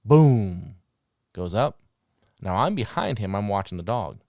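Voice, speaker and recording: A man's voice: on the low side, moderate pace, dry recording, studio quality. A man hosting a podcast, casually telling dog-training stories and acting out the commands he called out. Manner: animated, acts out commands and reactions.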